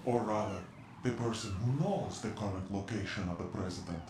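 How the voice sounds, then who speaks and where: A man voicing a cryptic, commanding covert contact in a video game, who speaks in a cold, measured, secretive way. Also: lowish voice, close to an everyday voice. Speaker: mysterious informant in a video game. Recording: echoey game audio with noise.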